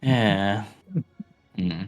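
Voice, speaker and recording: Slow hesitant man running a game. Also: fairly low pitch. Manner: hesitant, lots of ums while describing scenes. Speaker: game master. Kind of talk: narrating a tabletop game.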